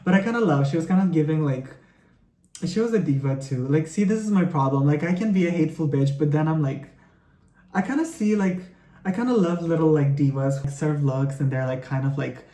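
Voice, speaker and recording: A young man vents to the camera while he gets ready, sassy, profane and rambling, with filler "like"s everywhere. His voice sits mellow and soft-edged, and he sounds tired and a bit sick. The room around him is bare and echoey. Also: fairly high pitch, brisk. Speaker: vlogger. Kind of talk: get-ready-with-me rant.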